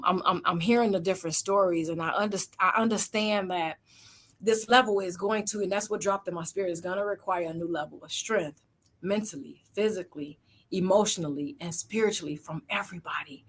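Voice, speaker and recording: A middle-aged woman giving a motivational talk as an event speaker, telling stories and acting out the voices of the people in them. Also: mid-range voice. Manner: storytelling, acting out quoted voices.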